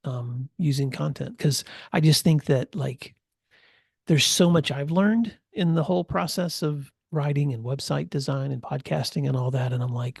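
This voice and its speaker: Brief: podcast co-host, man, middle-aged, dry close sound, rough gravelly tone. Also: a little high, normal speed, no echo. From West Tennessee. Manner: storytelling, relaxed with fillers. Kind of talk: casual podcast conversation.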